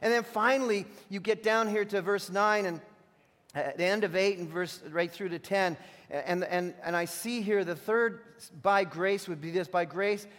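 A man's voice: high voice, normal speed, fairly bright tone. A middle-aged man preaching a sermon as pastor, telling a personal story with many restarts and building to emphatic points. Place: church sanctuary. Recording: long hall reverb.

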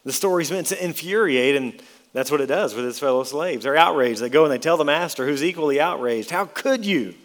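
A man's voice: fairly high pitch, fairly quick, in a large hall. A man preaching an expository sermon, emphatic, with his voice rising and dropping for effect.

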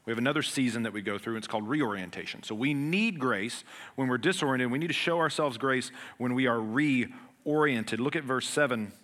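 With a mid-range voice and a fairly quick delivery, this pastor preaches a sermon. His tone is earnest yet casual, laced with common humor, and it rises into loud emphasis before dropping back to near-whispers.

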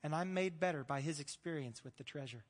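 A man preaching a sermon as pastor in a relaxed, conversational way, mixing in jokes and acted-out quotes. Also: fairly high pitch, quick pace, long reverb tail. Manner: conversational, joking, acts out quoted voices.

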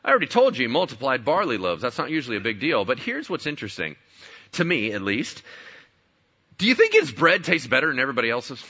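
A man's voice: medium pitch, wildly swooping pitch, quick pace, sharp tone, muffled recording. A man preaching a sermon as pastor, conversational, with rhetorical questions and playful asides.

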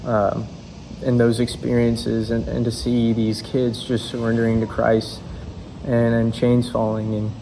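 A young man giving a halting church testimony, full of fillers and restarts. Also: mid-range voice, monotone, background noise. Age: young adult. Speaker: youth speaker.

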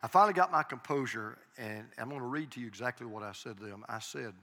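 A man's voice: medium pitch, animated, fast, pushed and bright. An older man, a pastor, preaching a sermon in a church with earnest, confessional storytelling and emphatic repetition. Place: church sanctuary. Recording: long hall reverb.

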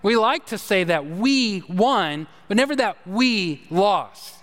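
A man's voice: high voice, animated, slow pace, fairly bright tone, long reverb tail. A man preaching a sermon with emphasis, asking his congregation questions. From Texas. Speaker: pastor.

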